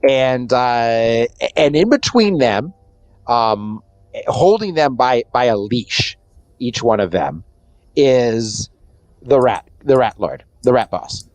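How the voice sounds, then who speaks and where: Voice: mid-range voice, lively intonation, slow pace, a little mellow, no echo, rough recording. A game master narrating a tabletop game in a hesitant way, full of fillers and restarts.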